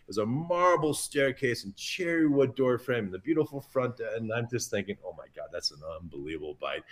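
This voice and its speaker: Animated man telling a funny story. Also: mid-range voice. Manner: animated, self-mocking anecdotes with quick asides. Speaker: chef guest. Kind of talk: storytelling in a podcast interview.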